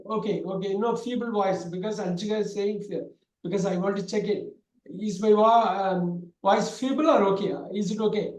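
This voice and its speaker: A man teaching an online grammar class, talking loudly and repeating himself with many fillers. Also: sits high, normal speed. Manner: loud, repetitive explaining with many fillers. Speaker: English teacher. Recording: echoey room.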